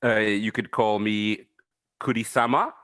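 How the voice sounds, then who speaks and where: Man, playful co-host, low pitch, bright forceful tone, laughs a lot. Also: steady tone, a little slow, dry recording. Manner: playful, laughs often, goofy. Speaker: podcast co-host. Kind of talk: casual chat.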